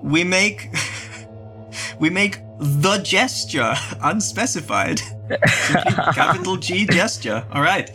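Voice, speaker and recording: A high, bright-toned man speaks slowly as he leads a ritual in an in-character tabletop game, calling out words for the others to repeat. He often laughs between lines. Faint music plays underneath. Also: expressive. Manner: chanting commands, breaking into laughter. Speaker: player leading a ritual in character. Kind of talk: in-character tabletop role-play.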